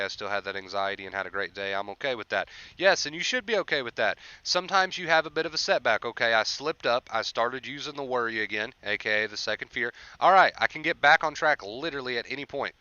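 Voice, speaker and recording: A man's voice: lowish voice, bright, forceful tone, clear, resonant tone, no room sound, muffled recording. A young man hosting a casual livestream, encouraging viewers about anxiety recovery and reading chat aloud.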